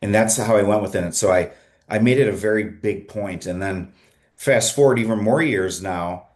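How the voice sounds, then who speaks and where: A middle-aged man with a very low, deep voice speaks on a podcast as the guest. He talks earnestly and with energy, tripping over his words and restarting sentences as he goes. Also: moderate pace. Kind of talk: conversational interview storytelling.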